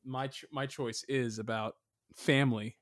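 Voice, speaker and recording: Young male podcast host, rambling animated recap. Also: medium pitch, a little slow, no echo, studio quality. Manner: rambling and animated, with frequent fillers and laughter. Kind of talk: casual movie recap.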